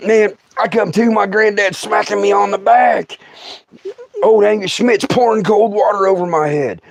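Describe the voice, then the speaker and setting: A man's voice: high-pitched, normal speed, creaky. A middle-aged man, who laughs often and acts out scenes while telling comic stories on a livestream. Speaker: storyteller host.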